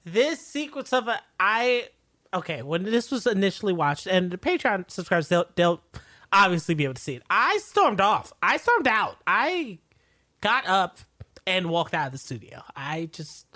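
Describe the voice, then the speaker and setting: A woman co-hosting a casual recap podcast, earnest and halting, often restarting her sentences, recorded in a studio. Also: lowish voice, lively intonation, a bit bright. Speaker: podcast co-host.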